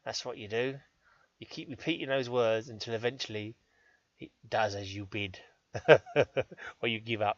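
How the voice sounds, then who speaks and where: A man's voice: on the low side, steady tone, normal speed, dry recording, highs cut off. An English man rambling cheekily through gameplay commentary, joking at his own expense. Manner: cheeky, self-deprecating, chatty. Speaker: gaming channel host.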